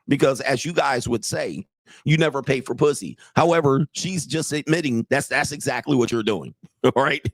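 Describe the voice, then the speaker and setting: A man in the middle of the male pitch range delivers brash, mocking reaction commentary as a self-styled dating coach. He talks directly to his audience with a blunt edge. The recording is dry, with no room sound. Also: no echo.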